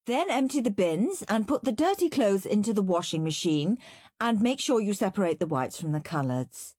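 A woman's voice: medium pitch, sing-song, normal speed, darkish tone, breathy edge, no room sound, clean studio sound, voice pushed up. A woman voicing a stern, tired mother handing out chores in a storybook reading. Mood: firm. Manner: firm, scolding.

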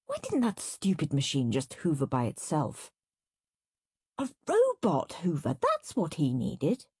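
A woman reading a children's storybook aloud in an expressive, lively manner. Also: sits low, measured pace, slightly rough, dry recording, clean studio sound. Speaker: reader.

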